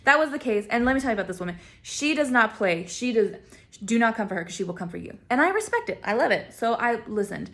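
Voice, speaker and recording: Young woman, slightly high voice, casual storytelling vlog, animated, self-mocking, laughing often. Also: quick pace. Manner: acts out quoted lines with big pitch swings. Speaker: vlogger.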